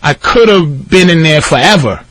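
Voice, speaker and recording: A man with a fairly high voice tells a long, profane story on a radio show, acting out the people in it. His delivery is animated and loose. The studio sound is dry and close. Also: measured pace, dry recording. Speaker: guest storyteller.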